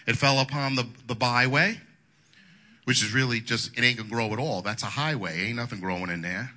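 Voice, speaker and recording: A man's voice: medium pitch, brisk, pushed and bright. A male pastor preaching a sermon in a folksy, colloquial way, wandering into asides.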